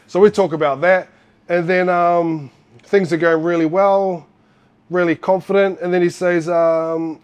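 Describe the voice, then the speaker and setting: A middle-aged man from New Zealand, a former fighter, telling a story in casual chat, animated and swearing often. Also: sits high, a little slow, clear, resonant tone, highs cut off.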